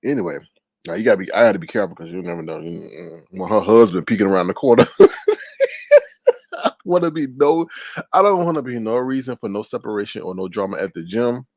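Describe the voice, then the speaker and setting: This man speaks fast with vocal fry, captured in a dry, studio-quality recording. Running a live stream, he chats casually and tells stories, putting on high exaggerated voices for quotes and teasing viewers as he reads their comments aloud.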